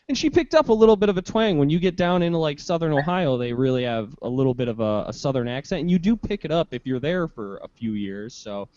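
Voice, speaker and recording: A man's voice: medium pitch, darkish tone, no echo. A man hosting a talk show, asking questions in an easygoing, chatty way. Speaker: show host. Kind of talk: casual talk-show chat. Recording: dry, dull lo-fi sound.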